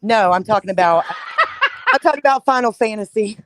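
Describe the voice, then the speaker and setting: A woman chatting casually on a panel, telling animated stories and laughing often. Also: medium pitch, brisk. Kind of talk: casual chat.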